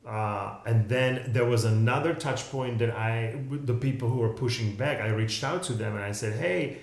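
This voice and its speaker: Man, casual podcast co-host, halting and rambling, lots of restarts, roomy echo. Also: mid-range voice, fairly even intonation. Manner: rambling, halting, self-correcting storyteller. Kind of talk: casual conversation.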